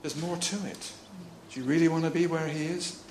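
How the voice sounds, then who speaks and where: A man's voice: on the high side, steady tone, a little fast, a little mellow, a little hiss or hum. A man preaching a chatty, jokey sermon, laughing often and acting out the voices in the story. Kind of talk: lively sermon. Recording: echoey room with faint ambience.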